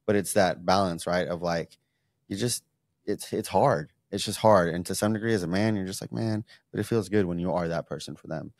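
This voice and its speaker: Low-voiced man in rambling podcast chat. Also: fairly quick, darkish tone, no echo. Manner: rambling, repeats words, acts out his own thoughts. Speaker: podcast co-host. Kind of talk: casual chat.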